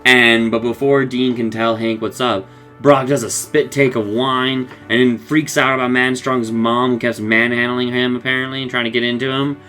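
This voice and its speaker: A man's voice: mid-range voice, level tone, moderate pace, sharp tone, soft background music. A man casually recapping a cartoon episode, rambling and acting out the characters' lines, laughing often.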